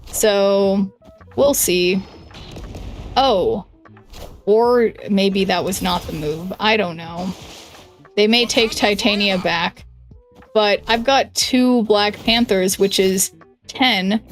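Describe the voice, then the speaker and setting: A young woman talks through her card game on a live stream, chatty and thinking aloud, full of "like" and self-corrections. Her voice sits at an ordinary middle pitch for a woman. Faint music plays behind her. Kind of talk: casual stream chat while playing a card game.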